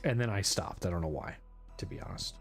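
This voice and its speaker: Man streamer, 40s, low-ish voice, casual rambling self-mocking chat over faint music. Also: expressive, brisk. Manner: rambling, self-deprecating, repeats phrases. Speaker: gaming streamer. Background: faint background music.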